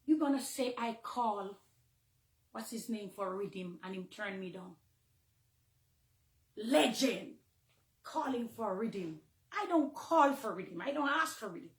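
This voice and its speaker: A middle-aged woman with a Jamaican accent, a minister giving an emotional, confessional testimony from the pulpit, moving between hushed and fervent. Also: mid-range voice, expressive, slow, pauses often, roomy sound. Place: church, near the pulpit.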